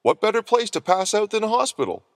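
A man voicing an unfazed, offbeat young man in a storybook reading, matter-of-fact and deadpan. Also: sits high, fast talker, no room sound, clean studio sound, voice pushed up. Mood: offhand.

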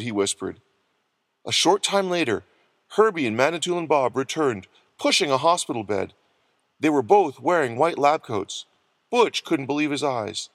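Lively male storybook narrator. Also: mid-range voice, moderate pace, no room sound. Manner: expressive reading of many voices.

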